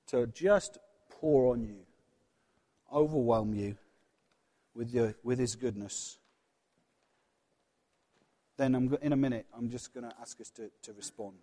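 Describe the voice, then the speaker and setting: A man preaching a sermon in a church, earnest and personal, dropping from loud passages to hushed ones. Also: mid-range voice, measured pace, pauses often, long reverb tail.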